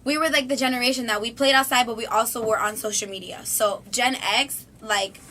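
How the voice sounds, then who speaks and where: A young woman with a fairly high, bright voice talks in a loose, animated way with friends, often breaking off mid-sentence and laughing easily. A faint hiss of background noise runs under her voice. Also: fairly quick. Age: young adult. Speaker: podcast co-host. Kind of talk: casual group chat.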